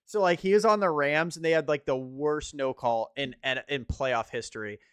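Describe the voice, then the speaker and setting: A young man in casual sports chat, animated and swearing as he rants about football. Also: fairly high pitch, normal speed, clean tone, no room sound. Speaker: podcast co-host.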